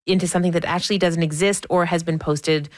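A woman hosting a radio call-in show, calm and empathetic as she steers the talk. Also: fairly low pitch, quick pace. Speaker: radio host.

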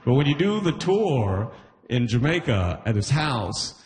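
A man's voice: medium pitch, big pitch swings, measured pace, a little mellow. A Caribbean-born man performing a stand-up comedy set, chatty and loose, tossing in "you know what I mean" often.

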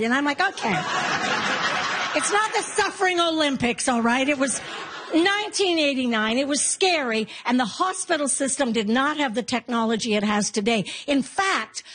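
A woman in her fifties performing a stand-up comedy set, telling animated stories and acting out quotes. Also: high-pitched, slight background noise. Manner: animated storytelling with acted-out quotes.

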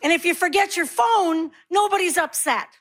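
Wry high-voiced woman in her sixties doing stand-up. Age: 60s. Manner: wry, punchy delivery with quick asides. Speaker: stand-up comedian. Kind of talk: stand-up comedy set.

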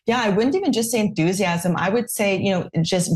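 A woman's voice: medium pitch, brisk. A woman from Quebec speaking as a panelist, thoughtful and articulate. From Quebec, Canada. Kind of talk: panel discussion.

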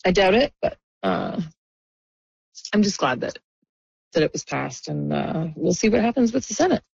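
Woman close to crying, halting, super gravelly raspy voice, dull muffled line. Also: lowish voice, sing-song, no room sound. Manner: halting, tearful, with nervous laughs. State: near tears. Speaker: interviewee, friend of a victim. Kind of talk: emotional radio interview.

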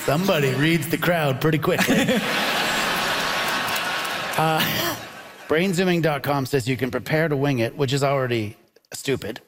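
A man hosting a live comedy debate show on a theatre stage, quick and quippy, laughing between his lines. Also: on the high side, big-room sound, background noise. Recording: live audience laughter and ambience.

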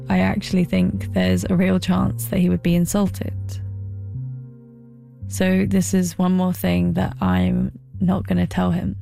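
Woman doing documentary voiceover, low gravelly voice, kinda wry and measured. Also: mellow. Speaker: documentary narrator. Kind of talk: scripted voice-over narration.

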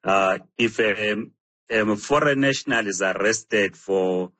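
Slow, low-voiced male guest. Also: a bit bright. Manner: measured, hesitant. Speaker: guest commentator. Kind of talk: interview answer.

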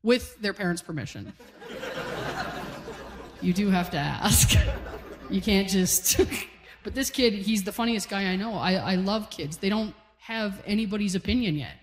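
A woman's voice: mid-range voice, expressive, a little slow, long pauses. Brash Canadian woman comic in a reverberant hall. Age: 40s. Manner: brash, self-deprecating storytelling. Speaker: stand-up comedian. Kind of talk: stand-up comedy set.

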